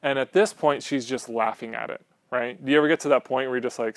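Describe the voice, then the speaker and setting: A man's voice: mid-range voice, quick pace, few pauses, no echo. A man preaching a casual, conversational sermon, often checking in with the room. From Southern California. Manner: casual, animated, asks the room "right?". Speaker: pastor.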